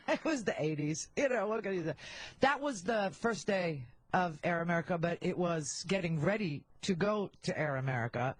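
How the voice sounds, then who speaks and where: A woman's voice: on the low side, lively intonation, moderate pace, a little hiss or hum, low-quality recording. A middle-aged woman hosting a talk radio show, riffing in a candid, rambling way with joking asides into a handheld studio mic. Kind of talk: casual radio monologue.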